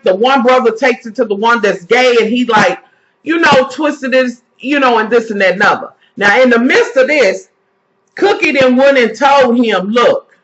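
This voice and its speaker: This TV-series review comes from a female vlogger whose voice is on the high side and a bit bright. Talking to "y'all" in a casual, swear-heavy, outraged tone, she recaps the episode over a dull lo-fi recording.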